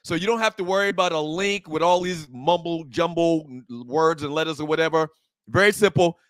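Male talk-show co-host, relaxed and jokey, a bit high-voiced, close dry mic. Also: a little fast, no room sound. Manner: laid-back, joking, reads promos and chat messages. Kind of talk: casual sports talk show banter. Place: bar.

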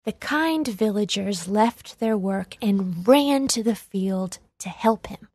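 A woman narrates a children's read-along storybook in a clear, expressive voice. She reads slowly and evenly at a middle pitch. The recording is close and dry. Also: dry recording.

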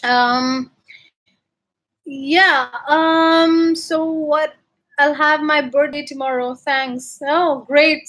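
A woman's voice: sits high, fairly bright tone. A woman from India, hosting a casual livestream from her room at home and reading viewer comments in a chatty, upbeat way with frequent ums and uhs.

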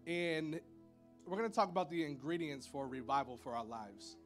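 High-voiced chatty man preaching. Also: moderate pace, faint music behind. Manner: chatty and playful, lots of "y'all" and "like", with high playful sound effects. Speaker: pastor. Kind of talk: casual sermon. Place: church sanctuary with a congregation.

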